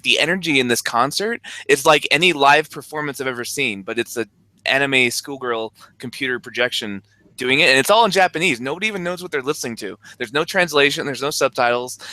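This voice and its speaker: A man co-hosting a podcast in casual chat, presenting news items in a relaxed, chatty way with fillers. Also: mid-range voice, no echo. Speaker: podcast co-host.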